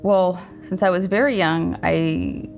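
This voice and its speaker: Low-voiced, earnest woman in her thirties. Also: steady tone, slow, vocal fry, soft background music. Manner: earnest and thoughtful, with frequent restarts. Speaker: guest, writer and showrunner. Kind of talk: reflective interview conversation.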